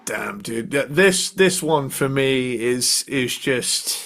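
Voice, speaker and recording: A man's voice: mid-range voice, expressive, takes it slowly, a bit bright. A man in his thirties co-hosting a casual podcast, talking in a laid-back way with enthusiastic slang. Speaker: podcast co-host. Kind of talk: casual chat ranking albums.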